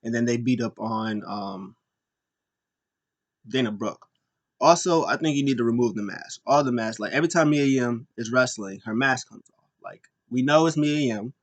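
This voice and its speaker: Young male podcast host, casual, jokey, rambling wrestling recap. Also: moderate pace. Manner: rambling, jokey, mimics wrestlers in high squeaky voices.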